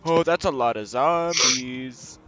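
A man chatting casually on voice chat while playing a zombie game with friends, joking and reacting loudly. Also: mid-range voice, slow. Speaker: gamer. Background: game music.

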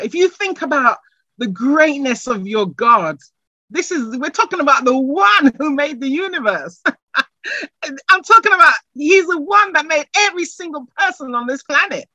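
A woman's voice: high voice, dry recording, highs cut off. A woman preaching a sermon, building from chatty asides to fervent, repeated declarations. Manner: rising to fervent shouts, repeating phrases.

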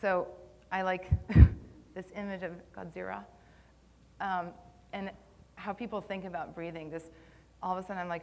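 Speaking at normal speed with frequent pauses, this young woman has a low, dark, steady voice. She's presenting on posture and Pilates at a conference, live in a conference room, chatty yet slightly nervous and leaning heavily on ums.

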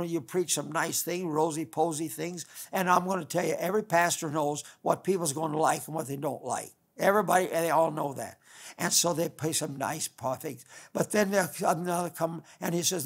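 An older man preaches a sermon in a homespun, wandering style, often restarting his sentences. His voice sits a little high for a man and has a gravelly, creaky edge. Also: fairly bright tone. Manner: folksy, rambling preaching with restarts. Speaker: pastor.

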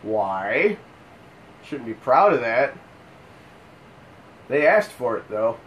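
A man giving casual let's play commentary on a horror game, cursing and yelling out in bursts of excitement. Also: mid-range voice, takes it slowly, highs cut off, a little hiss or hum. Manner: profane, excitable outbursts. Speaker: gameplay commentator.

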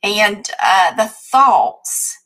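A woman's voice: medium pitch, expressive, very slow, a bit bright. A middle-aged woman with a Southern accent, chatting casually and rambling to her viewers as host. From Southern United States. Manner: chatty, rambling, folksy with frequent fillers. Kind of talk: casual live chat to viewers.

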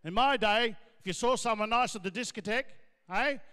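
Middle-aged stand-up MC, brash and loud, high bright voice, long ballroom echo. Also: male voice, clear, resonant tone. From Australia. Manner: brash, loud, rapid riffing. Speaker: comedian and MC. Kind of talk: stand-up comedy. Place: large gala ballroom. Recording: echoey ballroom, long reverb.

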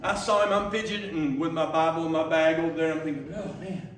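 Male pastor, conversational sermon, high register, recorded at a distance in a church. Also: fast talker, reverberant, a little hiss or hum. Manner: lively, conversational, acts out quotes. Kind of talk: sermon with storytelling. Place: church sanctuary.

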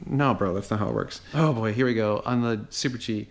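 A man's voice: lowish voice, fairly quick. A man who runs a car dealership, reading out buyer messages and reacting to them in a sarcastic, exasperated, blunt way. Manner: blunt and dismissive.

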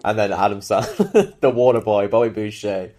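A man's voice: fairly low pitch, normal speed, darkish tone. A man co-hosting a podcast, chatting loosely about a film with lots of fillers and swearing. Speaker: podcast co-host. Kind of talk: casual movie-recap chat.

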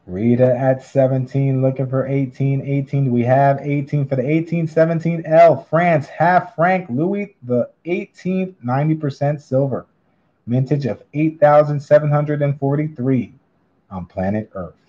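A man running a live online coin auction, calling bids in a drawn-out, upbeat patter. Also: mid-range voice, steady tone, mellow, muffled recording.

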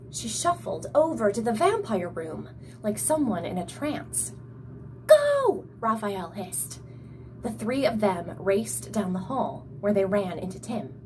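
A young woman with an energetic, bubbly manner, reading her own children's story aloud. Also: medium pitch, noisy background. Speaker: storyteller and author.

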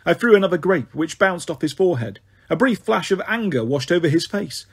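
A man narrates a fantasy audiobook in an expressive storytelling manner. His voice sits high for a man and has a breathy, husky edge. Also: fairly quick.

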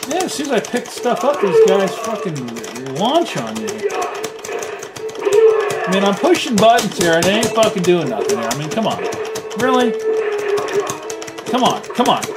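An excitable man calls out his play with a lively, bouncing voice, cursing and taunting the enemies on screen. Loud arcade game music plays right behind him the whole time. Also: high voice, moderate pace. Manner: excitable, swearing, trash-talks the game. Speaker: retro gaming reviewer. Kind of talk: casual gameplay commentary.

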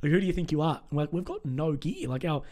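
Young Australian man, casual storyteller, slightly higher voice, filler-heavy delivery. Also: very animated, fast, dark tone. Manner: chatty storytelling, many fillers. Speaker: host. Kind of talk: casual chat.

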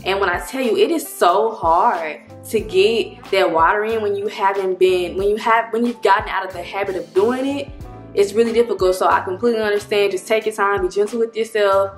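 A woman's voice: medium pitch, a little fast, roomy sound, soft background music. A woman talking casually to her viewers in a rambling, friendly vlog, a little out of breath. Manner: chatty, rambling, addresses viewers as y'all. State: slightly out of breath. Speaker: vlogger.

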